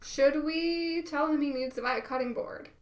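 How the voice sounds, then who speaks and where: A woman co-hosting a podcast in casual chat, chatty and quick to laugh and echo others. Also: sits high. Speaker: podcast co-host.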